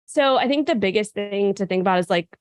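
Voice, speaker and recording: A woman co-hosting a fitness podcast, sick and raspy, explaining at length in casual chat with frequent fillers. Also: medium pitch, fast talker, no room sound. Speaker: podcast co-host and nutrition coach.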